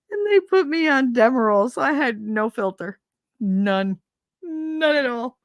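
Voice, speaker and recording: A woman streamer chatting casually, telling rambling, animated stories, swearing freely and laughing often. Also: high voice, slow, dry recording, studio quality. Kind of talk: casual storytelling chat. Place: home streaming setup.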